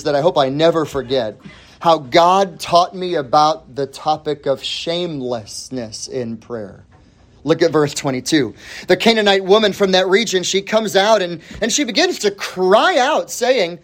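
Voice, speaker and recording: Emphatic slow-paced male preacher. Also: fairly high pitch. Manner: emphatic, swings between loud and hushed; repeats key words for emphasis. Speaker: pastor. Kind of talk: sermon.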